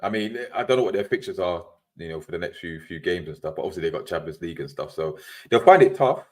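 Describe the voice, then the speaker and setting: Man, podcast co-host, deep voice with lively swings, laid-back. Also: fast. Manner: laid-back, trails off, says innit. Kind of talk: casual football chat.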